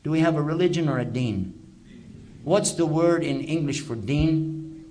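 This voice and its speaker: A man's voice: on the high side, a little slow, dark tone, a little hiss or hum. A man giving a religious lecture to a live audience, emphatic and full of rhetorical questions. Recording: echoey lecture hall.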